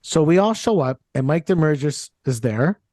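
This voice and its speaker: A man with a notably high voice tells a story among friends, slipping into the voices of the people in it. The sound is dry and close, with no room around him. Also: lively intonation, moderate pace, a little mellow, no echo. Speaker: radio co-host. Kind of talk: casual storytelling chat.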